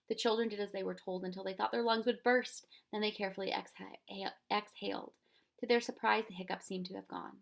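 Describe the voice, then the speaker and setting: A woman reading a children's storybook aloud with expressive narration. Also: mid-range voice, a little fast, gravelly. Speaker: reader.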